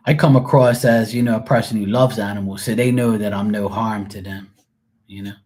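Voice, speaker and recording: A man's voice: on the low side, steady tone, brisk, a little mellow. A middle-aged man hosting a live stream, chatting casually and rambling through stories, acting out the people in them. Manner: rambling, storytelling with voiced quotes. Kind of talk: casual chat.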